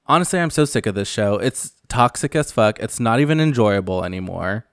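A man's voice: on the low side, animated, fairly quick, a bit bright, no echo, studio quality. A man hosting a casual recap podcast, talking in a blunt, sassy way and swearing freely. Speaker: podcast host.

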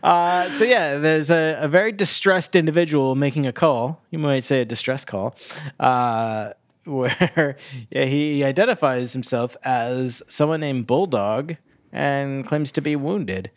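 A man's voice: medium pitch, measured pace, no echo, clean studio sound. A man co-hosting a podcast, casually recapping a TV episode with lots of fillers and restarts. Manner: rambling, many uh fillers and restarts. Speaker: podcast co-host.

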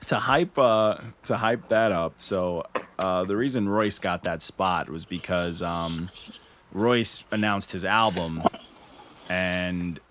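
A man chatting casually about rap, animated and profane, laughing often. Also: low voice, slow. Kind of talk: casual hip-hop chat. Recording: noisy background with clicks.

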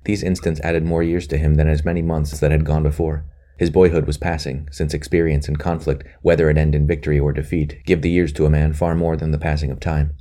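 A man narrating a historical novel, measured and earnest. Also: extremely low pitch, little pitch movement, dark tone. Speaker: audiobook narrator. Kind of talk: scripted narration.

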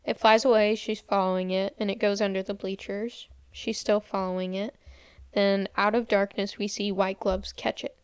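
In a dry, studio-quality recording, a young woman with a smooth, mid-range voice speaks at a moderate pace in a level tone. She co-hosts a podcast and casually walks through a movie's scenes, quoting characters and saying "like" often.

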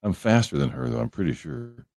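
A man's voice: mid-range voice, a little fast, vocal fry, warm tone, no echo. A man hosting a livestream, chatting casually and joking as he greets viewers by name. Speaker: livestream host. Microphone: headphones on a livestream setup.

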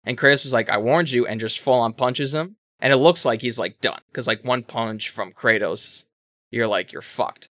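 A man co-hosting a casual talk show, retelling a story in a rambling, animated way with self-corrections and swearing. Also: mid-range voice, normal speed, no echo, studio quality. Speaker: podcast co-host explaining a game. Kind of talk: casual chat.

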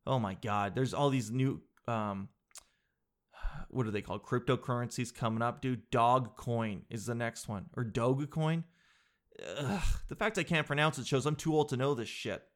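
A young man in his twenties on a stage doing stand-up comedy. He talks fast and loose in slang, with a mid-range voice, and keeps popping into quick impressions of the people in his stories. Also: medium pitch, a bit bright.

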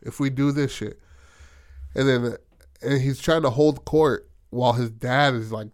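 A man with a medium-pitched voice, speaking a little slowly, casually recounts a tabletop game session, swearing freely and animatedly acting out the characters' lines. The studio-quality recording is dry.

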